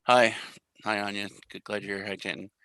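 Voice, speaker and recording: A young American man hosts a casual crypto live stream. His voice sits fairly low but comes across bright and forward. The sound is close and dry, and his talk rambles from joke to joke. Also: flat delivery, brisk, smooth, dry recording, rough recording. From US Central Time Zone. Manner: rambling, jokey, self-deprecating. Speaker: crypto show host.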